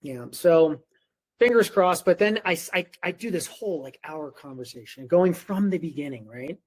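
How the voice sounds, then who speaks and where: Animated male podcast guest telling stories. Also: fairly high pitch, normal speed, breathy edge. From Korea. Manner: animated storyteller who acts out quoted dialogue. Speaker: podcast guest, nutrition coach. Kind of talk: casual conversation.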